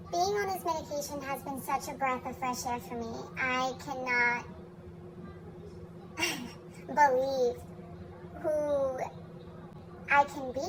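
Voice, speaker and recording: A woman's voice: sits high, background noise. A young woman talking candidly in a personal vlog, blunt and profane with a self-mocking streak. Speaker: vlogger.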